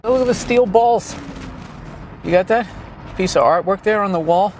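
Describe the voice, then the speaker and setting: A man with a somewhat raised pitch tours a main street outdoors, tossing out profane, sarcastic jokes. His talk rambles and rants with comic edge, and faint street and traffic noise sits under his voice. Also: moderate pace. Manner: sarcastic, crude, ranting. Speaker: vlogger giving a street tour.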